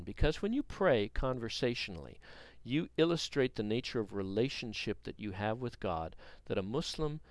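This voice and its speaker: A man with a low voice teaches a Bible lesson, telling a story in an earnest way. He hesitates often as he speaks. The sound is dry and close, with no room echo. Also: clean tone. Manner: earnest storytelling with frequent uh fillers.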